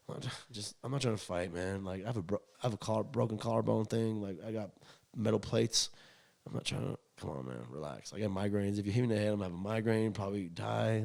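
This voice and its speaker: A young man co-hosting a casual podcast, talking bluntly and profanely in rambling bursts that swing from loud to quiet. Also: low voice, animated, fast, gravelly. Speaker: podcast co-host.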